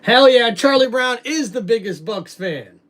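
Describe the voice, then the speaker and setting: A man hosting a livestream, calling football play-by-play and chatting with viewers, shouting when big plays happen. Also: extremely high pitch, expressive, unhurried. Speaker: livestream host doing play-by-play. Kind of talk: live play-by-play and chat reaction.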